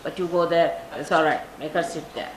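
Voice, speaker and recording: A woman's voice: deep voice, a little fast, slight background noise. Older Indian woman telling stories in a roomy recording. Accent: Indian English. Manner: storytelling, acts out quoted people. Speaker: spiritual teacher. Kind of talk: spiritual talk to followers. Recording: roomy archival live recording.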